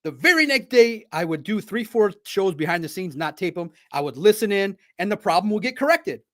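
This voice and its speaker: A man hosting a live sports stream, talking in an excitable, rambling, chatty way from a home studio. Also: high voice, fairly quick.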